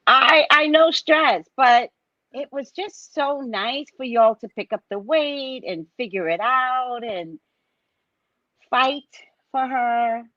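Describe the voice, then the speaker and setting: A woman hosting a casual chat over a video call, telling stories in an animated way and acting out what others said. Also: fairly high pitch, takes it slowly, dry recording, highs cut off. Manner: animated storyteller who acts out quotes. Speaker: host, psychic reader.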